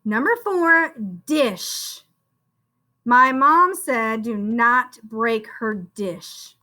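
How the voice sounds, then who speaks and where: A woman teacher talks young children through a phonics spelling lesson, calling each child "friend". Her voice is high and bright. She speaks slowly, with big rises and falls. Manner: slow, sing-song, encouraging, calls the listener "friend".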